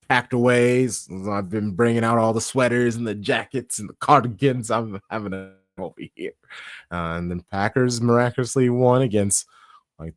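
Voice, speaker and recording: A man hosts a laid-back sports podcast in a fairly low voice. He opens the show with playful, hype-style patter, then settles into easy chat about the week and the coming games. The sound is close and dry. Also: no room sound. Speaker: podcast host.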